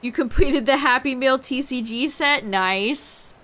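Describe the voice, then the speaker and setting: A young woman live-streaming a game, chatting casually with her viewers, her voice going a little hoarse. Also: high-pitched, measured pace, fairly bright tone. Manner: laid-back, chatty, talks to chat. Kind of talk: casual live-stream chat while gaming.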